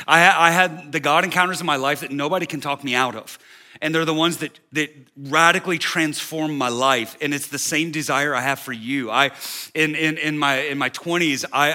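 A senior pastor in his forties addresses a young adult crowd with a very bright, forceful voice. He is open about being emotional, jokes along the way and often restarts his sentences. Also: fairly high pitch, steady tone, normal speed. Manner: emotional, candid, joking and self-interrupting. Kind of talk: preaching to a young adult service. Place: large church auditorium.

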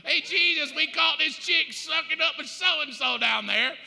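A man playing a crowd of indignant male religious accusers, shouting in a high, accusing voice. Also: unhurried, creaky, exaggerated voice. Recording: echoey hall.

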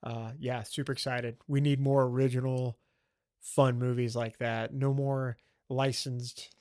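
A man's voice: mid-range voice, flat delivery, measured pace, a little mellow. A man from the American South co-hosting a film podcast, chatting eagerly with lots of fillers. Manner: enthusiastic, rambling with fillers. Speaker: podcast co-host. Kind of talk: casual film chat.

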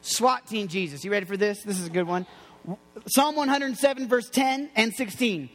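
A man with a high voice preaching a lively, jokey sermon, tossing out playful asides as he goes. His voice rings with the long reverb of a large hall. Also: moderate pace.

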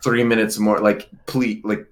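A man in casual chat about a film, animated and laughing as he talks. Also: fairly low pitch, unhurried.

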